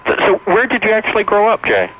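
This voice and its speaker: A man's voice: sits high, wildly swooping pitch, fast, a bit bright, slight background noise. A man from North Carolina calling into a radio show, friendly and chatty, laughing easily. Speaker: caller. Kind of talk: casual call-in chat. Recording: muffled AM radio broadcast.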